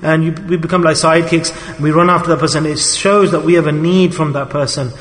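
A man's voice: fairly high pitch, steady tone, brisk, a bit bright, in a large hall. A man giving an earnest sermon, asking rhetorical questions and acting out people's pleading prayers. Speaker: preacher.

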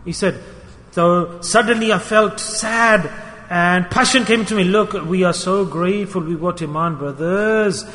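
A man preaching a sermon to a gathering of brothers, telling a story and acting out its quotes in a lively way. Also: high-pitched, a little slow. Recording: reverberant hall.

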